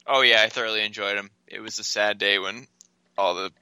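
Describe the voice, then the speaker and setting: A man co-hosts a relaxed baseball podcast in a lowish, strikingly bright and forceful voice. The sound is dry and close, with no room around it. He gives matter-of-fact takes and ribs his partner. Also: a little fast, smooth, no room sound, poor audio. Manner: teasing, matter-of-fact opinions. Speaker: podcast co-host. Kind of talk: casual sports chat.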